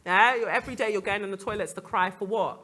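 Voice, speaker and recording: Bright-voiced woman speaking earnestly. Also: mid-range voice, fast talker. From Nigerian descent. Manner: earnest, reflective, laughs between points. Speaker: guest speaker. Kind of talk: panel talk.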